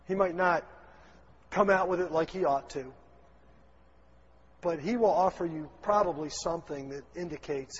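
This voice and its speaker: A man's voice: a little high, normal speed, pauses often, a little hiss or hum. A man preaching a sermon with a Southern accent, folksy and chatty, acting out little dialogues. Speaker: pastor. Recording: dull, lo-fi sound in a long-echo hall.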